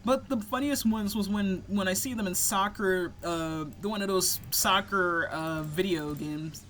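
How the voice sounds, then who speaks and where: Measured in pace and fairly bright in tone, this medium-pitched woman from the United States is a let's play co-host, joking around during gameplay with frequent laughter and loose swearing. Slight background noise is audible.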